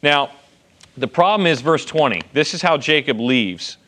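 A man's voice: fairly high pitch, animated, normal speed, fairly bright tone. A man teaching a Bible passage to a group in a casual, conversational way. He checks in often with "okay" and "right.". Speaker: pastor teaching a Bible study.

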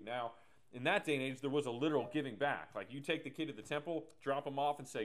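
A man's voice: medium pitch, fast, a little hiss or hum. A man preaching a casual, joking sermon, explaining scripture with laughs and asides. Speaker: pastor.

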